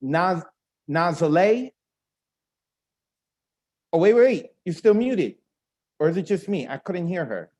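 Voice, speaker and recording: A man's voice: high voice, very animated, slow pace, long pauses, a little mellow, highs cut off. A man hosting an online open mic over a video call, joking and chatting between performers. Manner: playful, joking, rambling asides.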